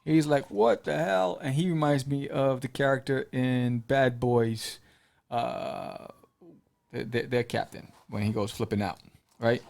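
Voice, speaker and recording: A man hosting a casual podcast, retelling a comic's story in a playful, animated way and acting out the characters' lines. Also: mid-range voice, unhurried. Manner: playful, jokes with the listener. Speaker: podcast host reviewing comics. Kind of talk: casual chat.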